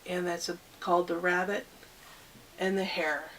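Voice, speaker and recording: A woman improvising a children's story, rambling and halting with many fillers and restarts. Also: on the low side, little pitch movement, fairly bright tone, recorded from a distance.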